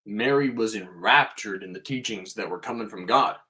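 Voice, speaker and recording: A man's voice: fairly low pitch, normal speed, pushed and bright. A man hosting a podcast, giving a casual spiritual monologue in an emphatic way and swearing freely.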